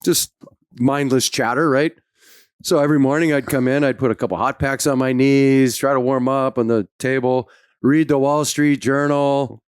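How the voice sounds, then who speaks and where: A man telling locker-room stories in a relaxed chat, laughing often and acting out what others said. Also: medium pitch, normal speed, clean tone, no echo, studio quality. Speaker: former hockey player guest. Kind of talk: casual storytelling.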